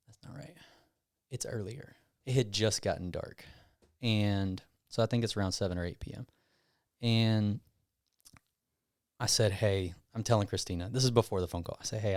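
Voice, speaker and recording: Smooth low-voiced man telling a story. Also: normal speed, no room sound, clean studio sound. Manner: rambling, animated retelling with self-quotes. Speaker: gym owner guest. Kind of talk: casual podcast storytelling.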